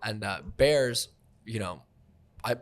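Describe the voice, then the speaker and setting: A man, a stand-up comedian and podcast host, telling animated stories in a casual comedy chat and jumping into voices. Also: lowish voice, slow pace. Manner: animated storyteller, jumps into voices.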